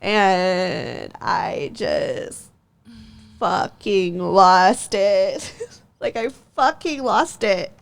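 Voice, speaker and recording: A woman's voice: medium pitch, expressive, extremely slow, creaky, clean tone. A young woman hosting a podcast, telling a story in casual chat, heated and profane, laughing often. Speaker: podcast host.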